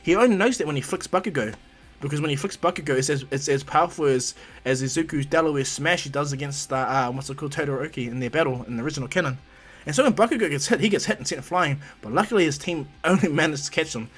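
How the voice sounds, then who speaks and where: A man's voice: a little high, lively intonation, fast talker, a bit bright, husky. A man casually retelling a fan-made story, rambling with many restarts and acting out the characters' lines.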